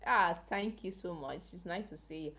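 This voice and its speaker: A woman's voice: lowish voice, moderate pace, sharp tone. Chatty African woman on a livestream. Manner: chatty, keeps asking viewers questions. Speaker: health channel livestream host. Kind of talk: casual livestream chat with viewers.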